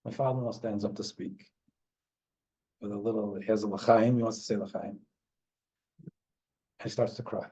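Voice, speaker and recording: A middle-aged man, a rabbi teaching an informal class, telling a heartfelt story in a halting way. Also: on the low side, steady tone, mellow, slightly rough. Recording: dull lo-fi recording.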